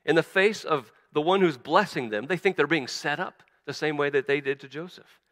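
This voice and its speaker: A man preaching a sermon as a pastor, animated, acting out quoted voices, often stumbling and restarting. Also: on the high side, moderate pace, big-room sound.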